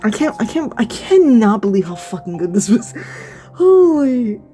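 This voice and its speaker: A young woman streamer reacting to a game, gushing, swearing and tripping over her own words. Her voice sits at an ordinary middle pitch. Soft music plays faintly behind her. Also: expressive, fairly quick. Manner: gushing, swearing, frequent laughs. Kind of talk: excited reaction commentary.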